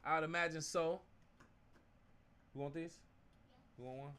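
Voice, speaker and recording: A young man hosts a live-stream sports watch-along, casual and excitable, swinging from low mumbled asides to loud outbursts at the plays and using slang like "fam" and "bro." He talks a little slowly, with a clean tone.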